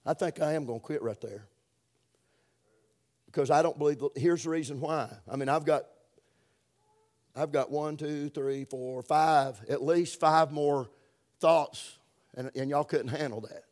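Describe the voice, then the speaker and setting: With a Southern US accent and a voice on the high side, this middle-aged pastor gives a folksy sermon. His emphatic delivery jumps from loud stresses to soft, stretched-out words.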